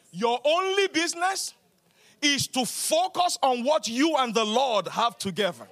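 High, bright-voiced male preacher. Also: sing-song, normal speed. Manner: emphatic, repeats phrases, shifts from loud to hushed. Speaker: pastor. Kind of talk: sermon.

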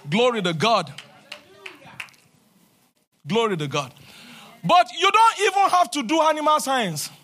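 High-voiced fervent male preacher. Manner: fervent preaching, swinging from loud shouted declarations to quieter talk. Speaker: pastor. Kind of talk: sermon. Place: church.

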